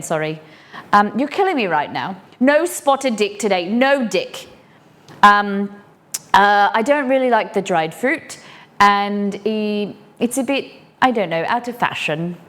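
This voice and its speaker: An English woman hosting a casual live cooking stream from her home kitchen, chatty and rambling with cheeky asides. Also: on the high side. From England.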